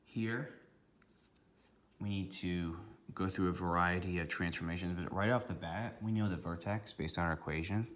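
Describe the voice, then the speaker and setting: A man's voice: deep voice, normal speed, a bit bright. A man teaching a recorded math lesson, walking through each step methodically and checking in with "okay" along the way.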